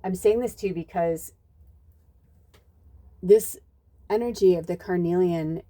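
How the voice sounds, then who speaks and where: Rambling woman with a low, mellow voice. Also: a little slow. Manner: animated, rambling, heavy use of "like" and "you know"; acts out quotes with jumps in pitch. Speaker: psychic medium. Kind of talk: casual spoken storytelling in a reading video.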